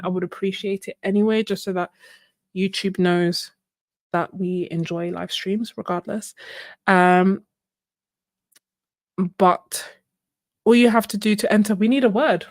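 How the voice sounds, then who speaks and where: A woman's voice: medium pitch, moderate pace, pauses often, no echo, clean studio sound. A woman hosting a casual art livestream, chatting, laughing often and thinking aloud. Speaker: art channel host.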